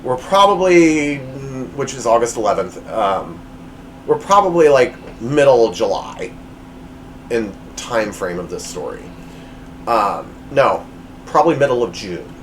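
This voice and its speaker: Man podcast host, rambling and self-deprecating, lively pitch swings, faint air-conditioner hum. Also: unhurried, poor audio. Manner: rambling, self-deprecating, many fillers and restarts. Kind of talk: casual personal storytelling. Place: home.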